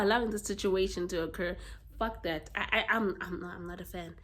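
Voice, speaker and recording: A South African woman with a South African accent, chatting casually about books she has read in a blunt, expressive way and swearing freely. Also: lowish voice, normal speed. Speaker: book vlogger. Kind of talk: casual book review chat.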